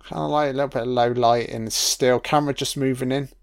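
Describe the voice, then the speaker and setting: A man's voice: medium pitch, fairly even intonation, quick pace, vocal fry. A man giving a casual film commentary, musing aloud with plenty of swearing and fillers.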